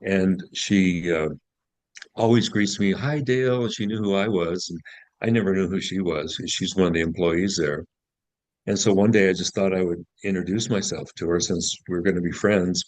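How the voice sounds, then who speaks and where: An older man in his sixties with a low, deep voice, recorded dry and close. He tells homespun stories and pokes fun at himself, often stumbling and starting his sentences over. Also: fairly even intonation, normal speed, darkish tone, no echo, low-quality recording. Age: 60s. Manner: folksy storyteller, self-deprecating humor, stumbles and restarts. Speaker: guest author. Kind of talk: casual interview chat.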